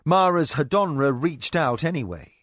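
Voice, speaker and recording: Expressive male audiobook narrator, dry sound. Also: fairly high pitch, moderate pace, dry recording. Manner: expressive, dramatic reading. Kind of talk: scripted narration.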